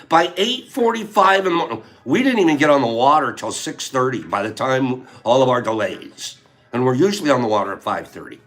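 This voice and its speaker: In a mid-range voice, an older host spins an animated fishing story during a casual talk, chuckling as he performs his friends' lines.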